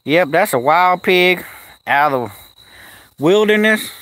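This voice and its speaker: A man's voice: high-pitched, lively intonation, takes it slowly, fairly bright tone, no room sound. A man chatting casually on a live stream outdoors at a kennel, cooing at his animals and answering the chat in a folksy way.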